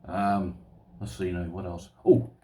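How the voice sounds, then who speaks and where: A man's voice: sits low, flat delivery, a little slow, dark tone, roomy sound, far from the mic, slight background noise. An Irish man with a rambling, chatty manner, showing his lock collection to viewers and calling them "boys". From Ireland. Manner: rambling, talks to viewers as "boys", uses "this here". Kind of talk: casual show-and-tell to camera.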